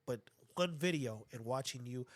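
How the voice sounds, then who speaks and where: A man's voice: mid-range voice, moderate pace, no echo. A man hosting a podcast, telling stories in a blunt, profane, casual way. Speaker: podcast host. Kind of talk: casual chat.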